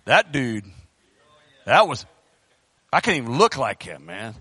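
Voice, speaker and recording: A man preaching a sermon in church into a microphone, fervent, swinging from loud bursts to hushed pleading. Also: medium pitch, very animated, a little slow, breathy edge, no echo. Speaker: pastor. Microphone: handheld microphone.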